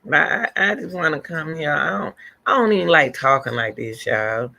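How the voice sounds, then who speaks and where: A middle-aged woman hosts a casual livestream and talks straight to her viewers. Her voice is gravelly and bright, with a forceful edge. She rambles and answers comments as they come in. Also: low voice, expressive, normal speed. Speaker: livestream host.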